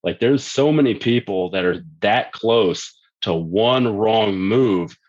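A man's voice: on the low side, slow, a little mellow, lo-fi sound. A man talking as a guest coach on a podcast, blunt and emphatic, swearing freely. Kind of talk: casual podcast chat.

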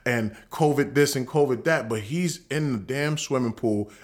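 A man's voice: mid-range voice, moderate pace. A man in casual chat, animatedly telling a funny story, acting out quotes with laughter and swearing.

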